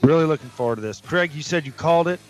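A man's voice: on the high side, lively intonation, racing, soft background music. A man hosting a casual sports talk radio show, talkative and prone to repeating himself.

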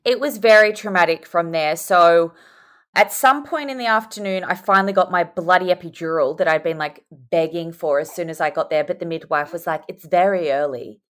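Young woman, podcast guest on a video call, lowish voice, chatty and animated. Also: a little fast. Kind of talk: casual chat.

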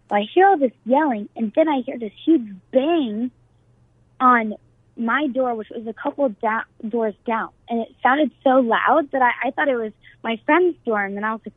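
Young woman, a talk-show guest on a tinny phone line, telling her story earnestly, a bit high-voiced. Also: normal speed, no room sound. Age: young adult. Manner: earnest storytelling with many fillers and restarts. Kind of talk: personal account on a talk show.

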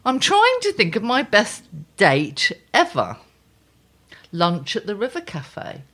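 An older woman co-hosting a casual chat, reading her own column aloud in a wry, lively way. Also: mid-range voice, takes it slowly.

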